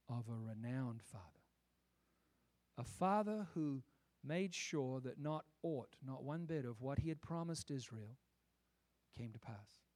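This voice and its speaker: A man with a mid-range voice preaches emphatically and rhetorically, moving from quiet asides to loud declarations.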